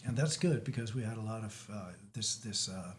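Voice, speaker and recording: A Danish man with a Danish accent and a voice on the low side joins a casual chat as a guest. His speech is halting, full of restarts and fillers.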